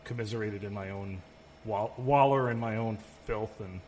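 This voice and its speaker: A man's voice: on the low side, normal speed, darkish tone. A man co-hosting a podcast in casual chat, telling rambling stories and swearing freely. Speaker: podcast co-host. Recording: long reverb, faint room noise.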